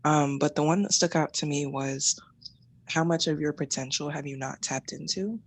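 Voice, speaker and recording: A woman's voice: sits low, fairly even intonation, normal speed. A woman calling in, asking a thoughtful question in a slightly apologetic way. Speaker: caller. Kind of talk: call-in question.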